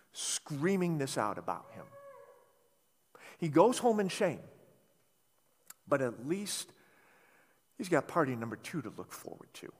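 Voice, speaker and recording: Animated preacher in a big hall. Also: male voice, on the high side. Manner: animated storytelling, playful asides. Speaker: pastor. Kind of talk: sermon.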